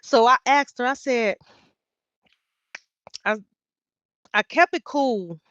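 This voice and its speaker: A woman with a fairly high voice tells a personal story in loose, casual talk. She swears freely and keeps jumping between loud, worked-up bursts and low, muttered asides. The recording is dry and a little dull. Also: slow, dry recording. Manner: profane, animated, swings loud then quiet. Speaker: podcast guest.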